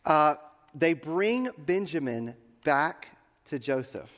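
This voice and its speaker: Brief: male pastor, slightly higher voice, chatty storyteller's sermon, long hall reverb. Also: animated, takes it slowly, fairly bright tone. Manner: conversational storytelling, addressing the congregation directly.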